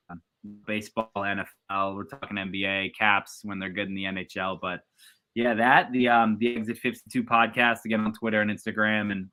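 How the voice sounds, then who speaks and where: A man's voice: fairly low pitch, sharp tone. A man from the US East Coast, a guest chatting casually on a sports podcast, talking loosely with lots of fillers and restarts.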